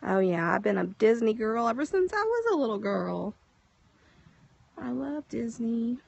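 A woman hosting a casual live stream from the countryside at sunset, chatting warmly and greeting viewers by name on her phone. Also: fairly high pitch, very animated, a little slow, creaky, breathy edge, no room sound, highs cut off. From Texas. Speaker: livestream host.

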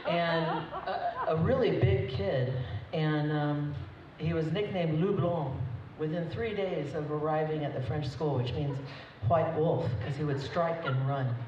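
The groom's mother gives a chatty, emotional, unscripted toast at a wedding reception hall, laughing often. Her voice is low and a little slow, with hardly any pauses. The recording is dull and echoey, taken from far off amid crowd noise.

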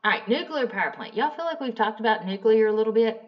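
A woman's voice: a little high, fast, far from the mic. Chatty woman teacher, dull lo-fi sound. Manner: chatty, animated storyteller acting out dialogue. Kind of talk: casual classroom lecture with storytelling. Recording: dull lo-fi recording.

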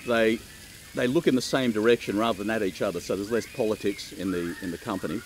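Middle-aged aussie guy, low voice, chatty and easy going, faint noise behind. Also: fast, poor audio. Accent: Australian. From Australia. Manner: chatty, relaxed storyteller who laughs easily. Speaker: keynote speaker. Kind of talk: interview answers.

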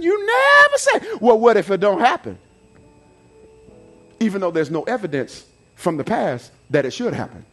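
A man preaching a sermon as pastor, in a folksy, playful manner, swinging between loud shouted lines and quiet asides. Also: sits high, husky. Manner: preaching with rising shouts and dramatic swings of volume; folksy, playful storytelling with acted quotes.

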